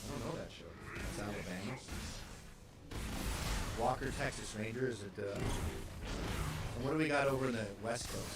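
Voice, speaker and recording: A man's voice: medium pitch, normal speed, long pauses, loud music behind the voice. A man hosting a casual comedic chat, reacting to maps with profane wisecracks. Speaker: host.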